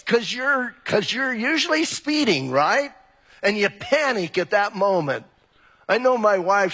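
Husky guy preaching, bright sharp tone, swings all over the place, church echo. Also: high-pitched. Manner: animated, conversational preaching with direct questions to the congregation. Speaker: pastor. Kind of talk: sermon. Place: church hall. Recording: long hall reverb.

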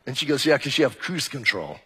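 A man preaching a sermon as pastor, conversational and animated, firing direct questions at his congregation. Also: medium pitch, brisk, slightly rough. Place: church hall. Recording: long hall reverb.

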